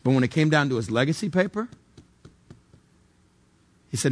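A man's voice: fairly high pitch, lively intonation, normal speed, long pauses. A male pastor delivering a sermon in a conversational, emphatic way, asking the congregation direct questions.

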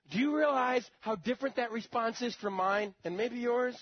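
A male preacher with a very high-pitched, breathy voice delivers a sermon unhurriedly, telling it dramatically like a story and tossing conversational asides to the congregation. The sermon recording is dull and lo-fi.

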